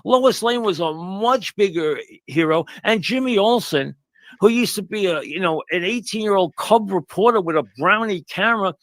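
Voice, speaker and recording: A man's voice: sits high, animated, normal speed, no room sound. Incredulous man ranting about a film. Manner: incredulous, mocking. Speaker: film critic in a played clip. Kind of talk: ranting commentary.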